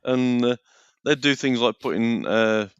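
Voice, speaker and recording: A man of middle pitch co-hosts a live chat, grumbling jokily about everyday annoyances. His voice comes through a dull, lo-fi remote line and sounds dry, with no room echo. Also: unhurried, smooth. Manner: grumbling, jokey. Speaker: co-host. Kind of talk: casual chat.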